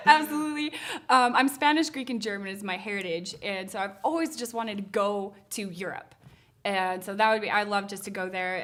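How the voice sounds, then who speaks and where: A woman's voice: a little high, a bit bright. A young adult woman, an actress and model, chatting in an interview in a friendly, upbeat way with frequent "um" fillers. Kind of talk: casual interview chat.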